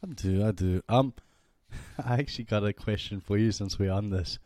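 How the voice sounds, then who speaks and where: Young man, podcast co-host, teasing, giggles often, fairly low voice, dry close sound. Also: normal speed, darkish tone, dry recording. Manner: teasing, giggly, asks cheeky hypotheticals. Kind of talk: casual podcast chat.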